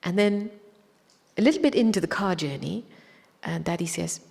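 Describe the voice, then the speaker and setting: Breathy woman telling a story in a reverberant hall. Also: lowish voice, normal speed. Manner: reflective, gentle anecdotal telling. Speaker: spiritual speaker. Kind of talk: personal storytelling in a spiritual talk.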